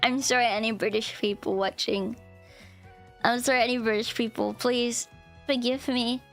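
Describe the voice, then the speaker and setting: A woman's voice: fairly high pitch, steady tone, normal speed, fairly bright tone, faint music behind. A woman streamer chatting with her viewers in a bubbly, giggly way, rambling with lots of "like". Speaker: streamer, VTuber. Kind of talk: casual live-stream chat.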